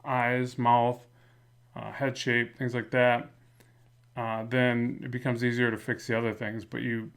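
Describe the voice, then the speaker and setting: A man with a slight lisp, talking through a drawing in a relaxed, rambling way as a comic art instructor. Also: medium pitch, unhurried. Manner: relaxed, rambling, many fillers and restarts. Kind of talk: casual drawing tutorial narration.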